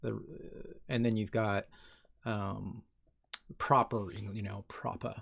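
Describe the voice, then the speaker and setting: Here the Ohio podcast co-host speaks slowly in a lowish, creaky voice with little pitch movement. His casual chat wanders, heavy on filler words, and he keeps restarting and correcting himself.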